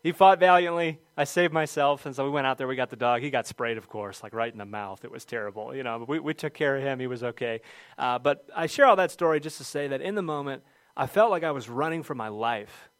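A middle-aged man preaching a sermon, telling a funny personal story with lively shouted quotes before returning to scripture. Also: medium pitch, fast talker, no room sound. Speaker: pastor.

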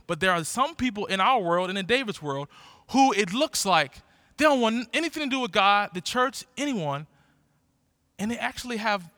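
A man in his forties preaching a sermon in a lively, conversational way, often restarting his words. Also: extremely high pitch, dry recording, clean studio sound. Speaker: pastor.

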